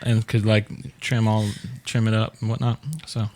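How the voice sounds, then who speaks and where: A man's voice: fairly low pitch, completely flat delivery, moderate pace, darkish tone. A middle-aged man hosting a casual chat show, joking and rambling with lots of fillers. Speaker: show host.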